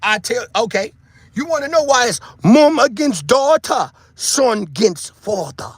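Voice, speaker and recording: Loud, preachy raspy-voiced man in his fifties. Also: very high-pitched, unhurried, no echo. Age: 50s. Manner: preachy, animated, swears freely, shouts for emphasis. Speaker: online show host. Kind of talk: casual monologue to viewers.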